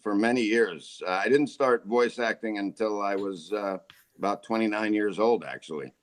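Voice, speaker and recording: A man in his forties, a voice actor and guest, telling stories in a jokey, relaxed way. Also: fairly low pitch, moderate pace. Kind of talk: casual interview chat.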